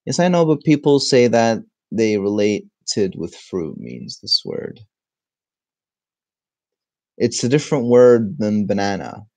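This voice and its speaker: An Egyptian man teaches in a laid-back live stream, answering viewer comments as he goes. He sounds tired, and he speaks slowly in a lowish voice. The recording is dry and close, with no room sound. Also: creaky, no echo. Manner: relaxed, chatty, reads viewer comments aloud. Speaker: Arabic teacher. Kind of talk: casual live-stream lesson.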